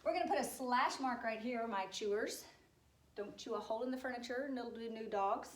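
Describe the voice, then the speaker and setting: A woman's voice: fairly high pitch, reverberant. Cheerful woman teaching spelling. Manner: cheerful, encouraging, spells slowly. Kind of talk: spelling lesson for children.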